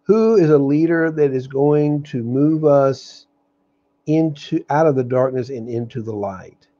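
A man with a mid-range voice hosts a daily live meditation stream, earnest but openly angry, speaking haltingly with restarts. His spiritual talk is streamed live, and the webcam sound is dark and dull.

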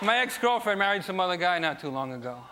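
A young man from New Jersey doing a stand-up set on a late-night TV show, with punchy, energetic joke delivery and loud asides. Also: high voice, fast, very noisy. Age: young adult. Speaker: stand-up comedian. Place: TV studio stage before a live audience. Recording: live TV studio with loud audience laughter.

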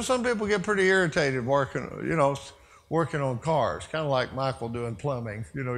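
Male pastor, conversational sermon, mid-pitched voice, long reverb in a church sanctuary. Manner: conversational storytelling with asides.

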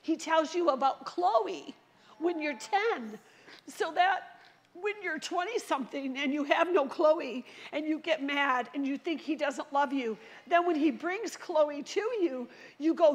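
Woman preacher, high voice, lively storyteller who plays out the dialogue, church sermon. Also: a little slow. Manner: animated storytelling, acts out quoted voices.

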